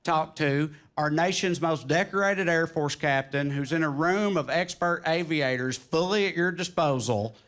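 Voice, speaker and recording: A man's voice: fairly high pitch, moderate pace, hardly any pauses. Tennessee-drawl man doing stand-up. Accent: Southern US, Tennessee drawl. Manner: animated, swings into put-on voices and quips. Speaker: stand-up comedian. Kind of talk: stand-up comedy set. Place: comedy club stage with audience.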